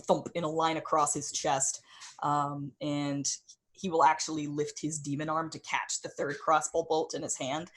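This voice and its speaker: A woman narrating a tabletop game as game master, relaxed and full of small ums. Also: deep voice.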